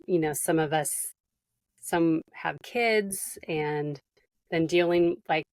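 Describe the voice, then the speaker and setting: Woman podcast host; lowish voice, dry close sound, affirming and chatty. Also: slow pace, a little mellow, no echo. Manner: affirming, emotional, "you know" fillers. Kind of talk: casual interview chat.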